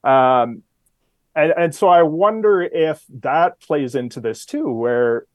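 A man talking as a guest commentator in a casual interview, relaxed and full of fillers, sometimes shifting his voice to quote people. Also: fairly high pitch, takes it slowly, no room sound. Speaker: guest commentator on city politics.

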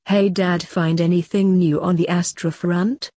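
A woman's voice: lowish voice, level tone, a little slow, mellow, no echo, clean studio sound. A woman reading the lines of a sarcastic adult male grim reaper in a short story.

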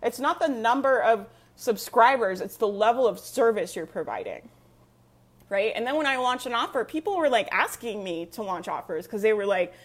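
A young woman with a slightly high voice gives a fired-up live stream pep talk to her online community. She is emphatic and repetitive, with frequent laughs. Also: sing-song, normal speed. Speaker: online business coach.

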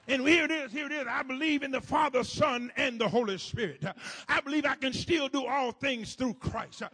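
A man preaching a sermon in call-and-response style, swinging from shouted lines to soft asides, with a gravelly voice. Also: very high-pitched. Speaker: pastor.

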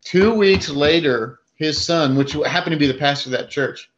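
A man's voice: a little high, normal speed, a bit bright, lo-fi sound. A man who preaches, telling a story in a casual faith chat, acting out his own thoughts with many fillers.

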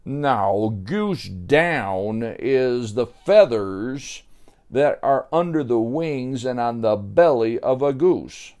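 A man telling a story to children in a playful, animated way, sometimes imitating animal sounds. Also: medium pitch, slow.

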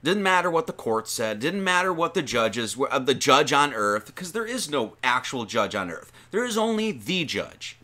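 A man preaching in a loose, conversational way, reading old verses and then breaking them down with questions to his listeners. His voice swings up and down in pitch and sounds bright and sharp. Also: normal speed, few pauses. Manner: animated, slangy, reads verses then riffs with rhetorical questions. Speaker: lay preacher. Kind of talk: informal sermon on scripture.

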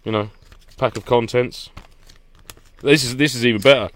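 A man's voice: mid-range voice, normal speed. A man co-hosting a podcast, ranting with laughter in a casual chat. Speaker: podcast co-host.

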